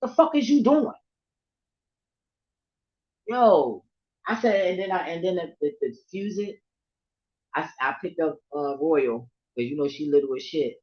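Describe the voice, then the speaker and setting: A woman vlogger telling a story in a casual, heated rant, swearing heavily and swinging between shouting and muttering. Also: deep voice, normal speed, dull audio. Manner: heavily profane, heated and emphatic.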